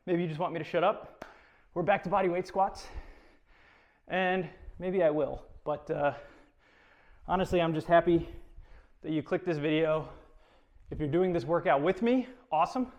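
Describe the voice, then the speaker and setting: A man's voice: on the high side, moderate pace, pauses often, darkish tone, lo-fi sound. Chatty, winded man coaching a workout. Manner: chatty, encouraging, self-deprecating. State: out of breath. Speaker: fitness instructor. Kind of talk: talking through a home workout.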